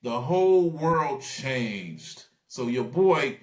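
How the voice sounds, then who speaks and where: A man telling stories in a casual interview, animated and acting out the voices of people he quotes. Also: medium pitch, takes it slowly, reverberant. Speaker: guest.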